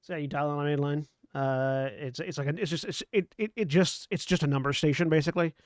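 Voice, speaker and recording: A man running a tabletop horror game as game master, describing scenes in a halting way with frequent restarts. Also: a little high, fairly even intonation.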